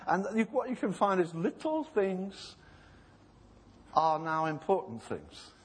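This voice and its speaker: Delivering a sermon, a man speaks in a slightly raised, husky, fairly high and sing-song voice. He's earnest, acts out the voices he quotes and slows down to stress his points, with the long reverb of a large hall around him.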